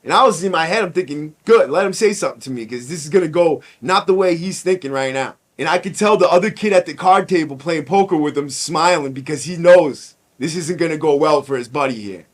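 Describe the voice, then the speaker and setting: A podcast host telling a personal story in casual, blunt, profane street talk. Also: male voice, on the high side, fairly quick, few pauses.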